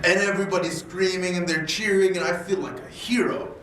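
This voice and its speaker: Brief: lively male storyteller, slightly higher voice, acts out dialogue, mic set back in a roomy space. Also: brisk, a little hiss or hum. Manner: restarts and repeats words when excited. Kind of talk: casual storytelling. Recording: echoey room, distant mic, faint ambience.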